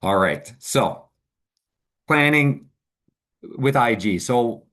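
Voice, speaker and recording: A man's voice: fairly low pitch, normal speed. A man presenting as a financial advisor in a webinar, explaining options in an earnest, upbeat way.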